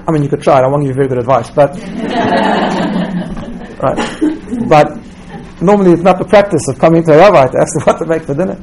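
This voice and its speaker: Religious teacher, male, high-pitched, storytelling delivery, repeats himself on restarts. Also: a little fast, pauses often, a little mellow, slight background noise, poor audio. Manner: storytelling, tags points with "right?". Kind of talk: teaching talk with stories.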